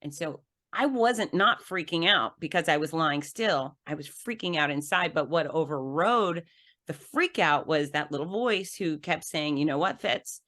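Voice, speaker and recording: A woman guest on a podcast telling a personal story with animated, laughing delivery that acts out the scenes. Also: low-pitched, unhurried. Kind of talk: conversational storytelling.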